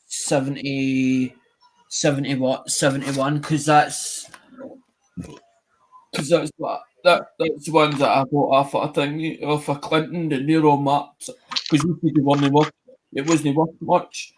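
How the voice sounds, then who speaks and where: A man's voice: on the high side, flat delivery, measured pace, a little hiss or hum, rough recording. Rambling Scottish man. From Scotland. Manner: rambling with restarts. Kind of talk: casual chat.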